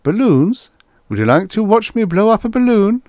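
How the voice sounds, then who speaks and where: A man's voice: sits high, big pitch swings, moderate pace, a little mellow, no echo, studio quality, voice pushed up. Man putting on a chirpy robot street vendor. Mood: chirpy salesman. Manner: chirpy sales patter, mechanically polite.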